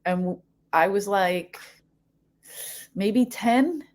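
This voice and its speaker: A comedian telling stories in casual chat, a woman with a Philadelphia accent, animated and profane. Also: medium pitch. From South Philadelphia. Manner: animated, profane, quick jumps between stories. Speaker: comedian guest.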